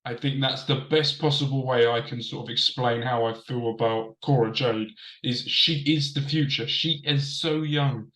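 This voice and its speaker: A man's voice: medium pitch, steady tone, normal speed, few pauses, a bit bright. Chatty man reviewing wrestling, roomy sound. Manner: chatty, repeats himself for emphasis. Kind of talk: casual commentary. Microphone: desk camera setup.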